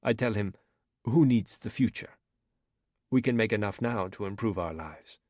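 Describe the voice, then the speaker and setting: A man reading an audiobook, voicing a smooth Somali pirate commander with an African accent, calm and proud. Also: on the low side, moderate pace, dry recording, studio quality, lightly acted.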